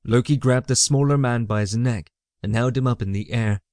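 A man reading a fantasy novel aloud as the audiobook narrator, in a measured storytelling way. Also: mid-range voice, a little mellow, dry recording. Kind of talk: scripted narration. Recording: dry close mic.

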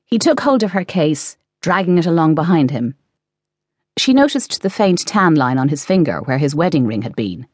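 A woman reading a novel aloud as audiobook narrator, in measured scripted narration. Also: low-pitched, sing-song, darkish tone, breathy edge, no echo, studio quality. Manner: measured storytelling.

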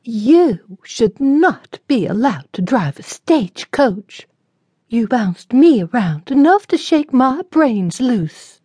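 Haughty young lady, shrill and indignant, slow and lively , voiced by a woman narrator. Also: breathy edge, no echo, heavily acted. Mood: irritated. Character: haughty young Southern lady, rude and impatient.

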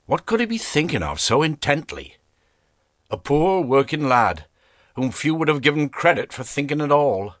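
A male audiobook narrator reads an unabridged classic novel from a script, measured and expressive like a storyteller. His voice sits on the high side, and the close studio recording is dry, with no room sound.

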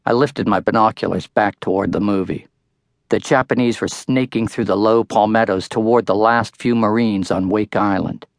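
A man's voice: lowish voice, steady tone, normal speed, no echo. An older man narrating his own book in a wry first-person storytelling manner, close to the mic. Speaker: author-narrator. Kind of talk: audiobook narration.

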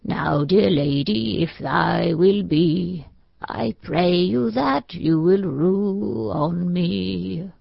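A woman voicing an old male soldier with a thin, shaky, slow voice, in an audiobook. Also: low voice, wildly swooping pitch, husky, no echo, full character voice. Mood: wry, slow. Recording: dull, dry audiobook recording.

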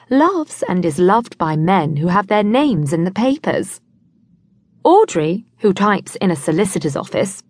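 A woman reading an audiobook in an expressive, measured storytelling manner. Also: mid-range voice, no echo. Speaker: audiobook narrator. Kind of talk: scripted audiobook narration.

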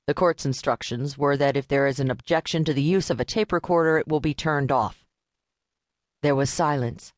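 A woman narrating a novel with a measured, steady reading. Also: low-pitched, dry recording. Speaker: audiobook narrator. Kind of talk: scripted narration. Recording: dry close studio audiobook.

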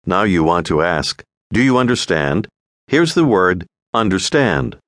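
Measured male language-course narrator. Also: sits low, very animated, a bit bright, no room sound, studio quality. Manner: clear, measured instructional delivery. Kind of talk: scripted audio lesson instruction.

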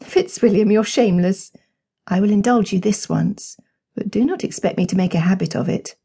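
A woman's voice: medium pitch, normal speed, vocal fry, warm tone, husky. A woman narrator voicing a genteel young Regency-era wife who speaks with poised, formal grace. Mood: teasing. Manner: poised, formal period speech.

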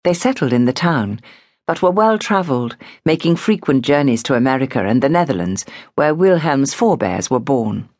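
Woman reading an audiobook, really low voice but lots of lilt, dry close sound. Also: sing-song, normal speed, darkish tone, no room sound. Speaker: audiobook narrator. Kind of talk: scripted narration.

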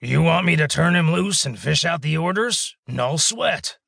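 Gravelly, growling male wolf-alien tough guy, read by a male narrator, streetwise and pushy. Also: a little high, expressive, unhurried, a bit bright, no room sound, clean studio sound, voice pushed up, full character voice. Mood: blustering. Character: gruff male wolfish alien smuggler.

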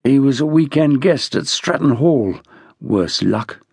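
A man's voice: medium pitch, animated, measured pace, vocal fry, darkish tone, breathy edge, no room sound, full character voice. A man voicing a weary, grumbling middle-aged local police officer in an audiobook.

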